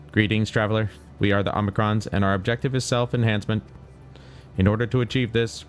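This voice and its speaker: Clipped video game robot soldier, monotone and mechanical, played by a man reading aloud. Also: on the low side, close to an everyday voice. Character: male combat robot soldier, flat and clipped.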